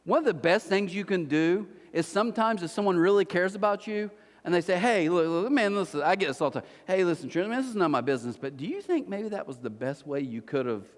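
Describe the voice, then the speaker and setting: A man's voice: sits high, fast. A man preaching a sermon as pastor, telling stories with energy and acting out the voices of the people in them. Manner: animated storytelling, acts out voices. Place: large church hall. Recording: reverberant church hall.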